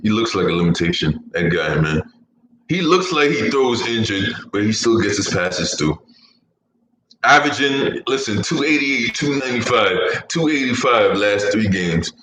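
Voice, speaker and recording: Male podcast host, casual and rambling, swears a lot, bright tone, echoey room with faint hum. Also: lowish voice, animated, normal speed. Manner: rambling, swearing, laughs at own jokes. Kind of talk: casual fantasy sports chat.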